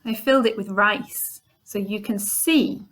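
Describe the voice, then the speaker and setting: A woman teacher talking slowly and clearly to young children, showing them different sounds in a lesson. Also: mid-range voice, heavy background noise. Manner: demonstrates sounds, bilingual repetition.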